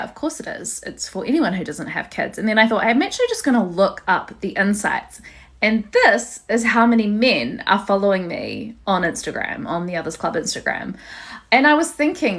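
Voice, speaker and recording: A woman's voice: mid-range voice, fairly bright tone. A woman who runs an online community, musing to camera and reasoning through her points one by one. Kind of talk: casual talk to camera.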